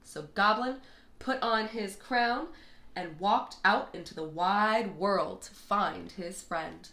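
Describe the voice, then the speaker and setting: A woman reading a children's bedtime storybook aloud in an expressive, lilting way. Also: medium pitch, takes it slowly. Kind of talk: read-aloud storybook narration. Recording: echoey room.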